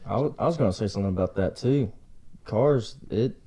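A man talking as a guest on a casual podcast, halting and a bit hesitant. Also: on the low side, mellow, slightly rough.

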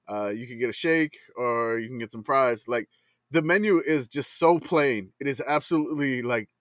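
A man's voice: medium pitch, fairly bright tone, dry recording. A man co-hosting a casual sports podcast, talking in a rambling way full of fillers and laughs. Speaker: podcast co-host. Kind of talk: casual chat.

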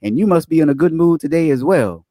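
A man's voice: on the high side, expressive, fast, warm tone, no echo, clean studio sound. A man hosting a livestream, chatting upbeat with viewers and greeting them by name before reading fraud news stories. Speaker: livestream host.

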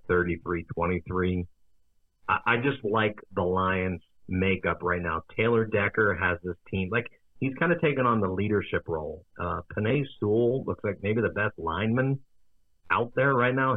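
Low-voiced man on a tinny line. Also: normal speed, no room sound. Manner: relaxed, hesitant, with fillers and restarts. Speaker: podcast co-host. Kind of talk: casual sports betting chat.

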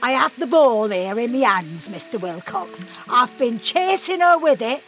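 An actress playing a harsh, scornful household cook in a radio drama. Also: female voice, on the high side, very animated, unhurried, fairly bright tone, faint music behind, exaggerated voice. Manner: scornful, sneering.

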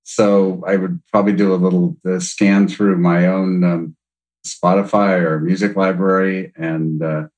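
A man's voice: sits low, little pitch movement, a little slow, darkish tone, rough recording. A man, a podcast guest, speaking thoughtfully with many hesitations. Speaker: podcast guest, music producer. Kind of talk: casual interview chat.

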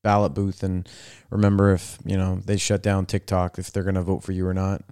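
A man's voice: sits low, completely flat delivery, fairly quick, darkish tone, smooth. A man hosting a podcast, chatting casually and making jokes. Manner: joking, brief reactions. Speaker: podcast host. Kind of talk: casual chat.

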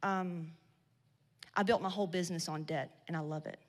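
A woman's voice: fairly low pitch, fairly even intonation, moderate pace. A woman giving a blunt, profane motivational talk to a live audience at a women's business event. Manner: blunt, swearing, slangy and loud in bursts. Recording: long hall reverb.

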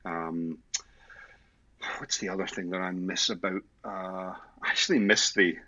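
A man's voice: sits low, steady tone, a little slow, sharp tone, dry recording, muffled recording. A Scottish man chatting enthusiastically as a podcast guest, often restarting and repeating words. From Scotland. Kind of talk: casual interview chat.

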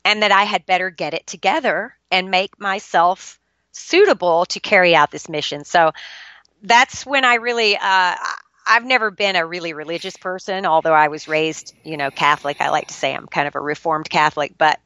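A middle-aged woman guest with a bright, forceful voice speaks candidly about her life, earnest and confessional. Her voice sits close to the microphone in a dry, dead room. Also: lowish voice, moderate pace, no room sound, highs cut off. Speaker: podcast guest. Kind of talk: candid personal storytelling.

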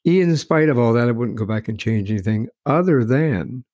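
A man's voice: mid-range voice, animated, normal speed, a little mellow. A middle-aged man from Colorado with a Colorado accent, asking questions in a casual, easygoing conversation. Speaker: interviewer.

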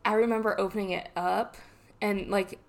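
Young woman podcast co-host with gravelly fry. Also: mid-range voice, steady tone, moderate pace. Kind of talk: casual chat.

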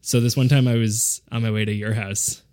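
A man's voice: lowish voice, little pitch movement, brisk, darkish tone. A man telling a rambling anecdote in a casual chat, often laughing as he goes. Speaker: podcast co-host.

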